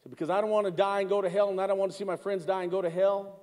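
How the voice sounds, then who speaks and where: Man, middle-aged pastor, high voice, sermon, conversational, long reverb of a church hall. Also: very fast, few pauses, a little mellow. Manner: conversational, calls to the congregation, repeats words. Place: church sanctuary.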